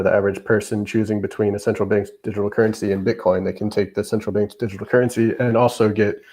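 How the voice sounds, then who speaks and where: A man on a discussion panel, talking casually and haltingly with many fillers. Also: fairly low pitch, a little mellow. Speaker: panel guest.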